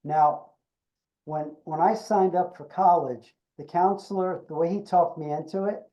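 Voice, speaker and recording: An older man, an actor being interviewed, tells an anecdote with animated delivery and acts out the dialogue. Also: a little high, measured pace, highs cut off. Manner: animated storyteller acting out quoted dialogue. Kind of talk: storytelling anecdote.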